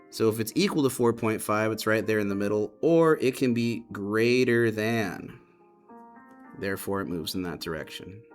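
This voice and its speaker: A man walks students through a math lesson, repeating key points and calling them y'all. He speaks slowly in a fairly low voice. Faint music plays behind him. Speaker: math teacher. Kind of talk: classroom lesson explanation.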